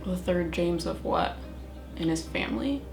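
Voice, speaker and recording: A woman's voice: fairly low pitch, animated, measured pace, creaky, over loud music. A woman co-hosting a podcast, mostly listening with short replies. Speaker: podcast co-host. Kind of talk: casual chat.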